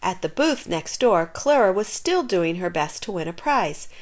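A woman reading a children's picture book aloud with expressive storytelling. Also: lowish voice, normal speed. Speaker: narrator.

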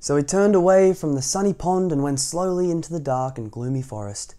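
A man reads a children's picture book aloud at a relaxed, everyday pace. His voice is warm and mellow, and he keeps breaking off the story for gentle asides to young listeners. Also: fairly high pitch, fairly quick. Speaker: storytime reader.

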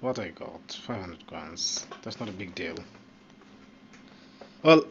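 A man giving casual commentary while he plays a pool game, reacting loudly and often swearing at what happens on screen. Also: deep voice, takes it slowly, gravelly. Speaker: gaming channel host. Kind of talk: casual live gameplay commentary. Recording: dull lo-fi mic with steady background noise.

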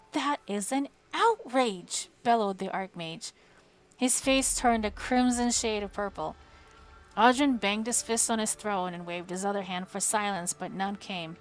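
A woman narrating a fantasy novel on a live stream in a measured, dramatic reading voice. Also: mid-range voice. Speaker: audiobook reader on a live stream. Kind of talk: audiobook narration. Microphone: home streaming microphone.

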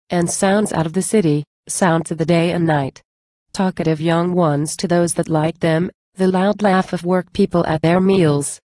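A woman giving a measured, declamatory poetry recitation. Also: on the low side, a little mellow, dry recording. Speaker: reader.

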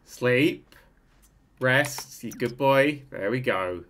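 A man hosting a gaming channel, commentating on a game in an excitable way, often swearing and breaking into laughter. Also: medium pitch, extremely slow, a little hiss or hum.

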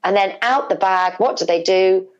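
A woman's voice: mid-range voice, normal speed, lo-fi sound. A middle-aged woman from England, telling an emotional family story as an interview guest, repeating words and acting out what people said. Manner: animated, repeats words, acts out family dialogue.

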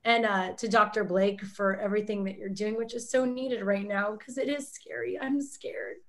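A woman host from Canada speaks over a video call, candid and emotional, her voice rising as feeling takes over. Her pitch sits in the middle range for a woman. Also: steady tone, moderate pace, a bit bright. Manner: emotional and open, voice rising when moved. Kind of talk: casual panel talk.

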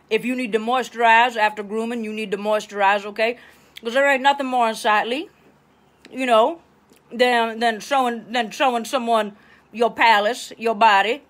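A woman plays a middle-aged Southern hostess with a Louisiana drawl, handing out bossy life tips on a comedy livestream. Her voice sits high, and she chatters in loose tangents, checking in with her viewers. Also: fairly bright tone, lightly acted. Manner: chatty, bossy, tangents, keeps asking okay. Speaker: host of a live advice show.

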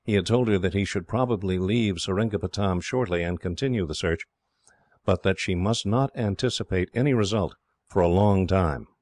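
A man narrating an audiobook in a steady, measured way, close to the mic. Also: sits low, dry recording. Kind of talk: scripted narration.

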